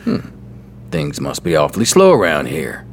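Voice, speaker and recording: Actor voices a terse, deep-voiced frontier gunfighter with a plain drawl. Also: male voice, huge pitch swings, normal speed, a little hiss or hum, heavily acted. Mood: dry, calm. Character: tough laconic male gunfighter, dry humor. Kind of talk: audio drama acting.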